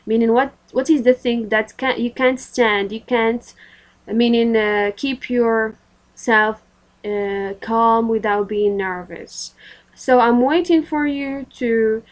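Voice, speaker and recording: A woman's voice: a little high, takes it slowly, rough recording. A woman with a Moroccan accent teaching a recorded English grammar lesson, explaining patiently with frequent fillers.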